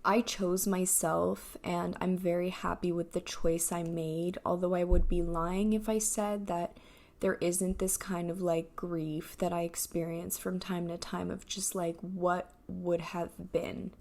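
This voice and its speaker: A woman in her twenties speaks slowly in a reflective personal vlog, her voice low-pitched and flat. She is soft-spoken and halting, with plenty of fillers, and sounds emotional and close to tears. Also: gravelly. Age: 20s. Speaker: vlogger.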